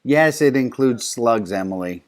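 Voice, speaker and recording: A man's voice: mid-range voice, lively intonation, a little slow, a little hiss or hum. A man leading an online service as rabbi, joking with participants and often restarting his sentences over a video call. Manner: warm, joking, stumbling restarts. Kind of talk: casual, interactive service talk.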